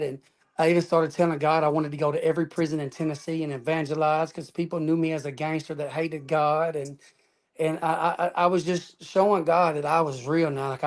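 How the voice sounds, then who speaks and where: A man's voice, pitched a touch above the usual for a man. He tells his own story in an interview with earnest emphasis, leaning on "man" and "y'all" as he goes. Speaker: interview guest. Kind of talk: personal testimony storytelling.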